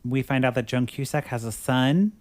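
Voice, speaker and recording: This man speaks at a moderate pace with a medium, slightly mellow voice. He's a podcast host giving a casual, chatty recap of a movie's plot, sprinkling "like" throughout.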